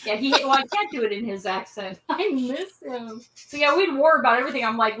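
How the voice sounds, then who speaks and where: Woman from the US, casual chat, slightly high bright voice, playful and chatty. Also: animated, brisk, hardly any pauses, echoey room, a little hiss or hum, low-quality recording. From United States. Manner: warm, chatty, playful storyteller.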